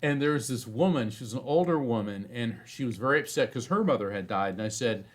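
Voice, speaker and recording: A man's voice: mid-range voice, animated, fast talker. Rambling middle-aged man telling stories. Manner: rambling, many fillers and restarts. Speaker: psychic medium guest. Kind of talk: anecdotal storytelling in conversation.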